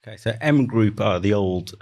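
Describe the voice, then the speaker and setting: A man's voice: lowish voice, lively intonation, moderate pace, mellow. A man with a Midlands accent, a guest on a podcast, talking in an easygoing, modest way. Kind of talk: casual interview chat.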